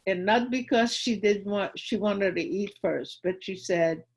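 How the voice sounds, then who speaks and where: A woman's voice: mid-range voice, measured pace, husky, low-quality recording. An older woman giving personal testimony to a school audience, retelling her memories vividly and acting out the dialogue. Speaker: guest speaker at a school.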